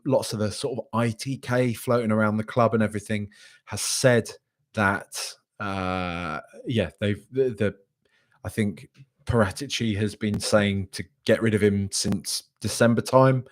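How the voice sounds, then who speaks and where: A man's voice: on the low side, a bit bright. A man hosting a live podcast, reacting casually and reading out chat messages, with lots of ums and restarts. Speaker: podcast host.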